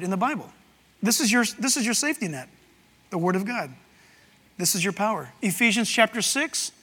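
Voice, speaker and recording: A pastor with a high, bright, forceful voice delivers a sermon to his church. He is animated and breaks into sudden shouts to act out the scripture. His voice rings with the long reverb of a large sanctuary.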